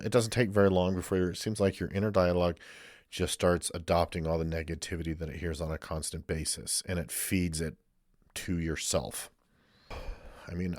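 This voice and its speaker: Male counselor, very deep voice, blunt and profane, loose rambling delivery, dry close sound. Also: no echo. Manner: candid, blunt, swears freely; rambling with restarts and asides. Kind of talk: casual monologue.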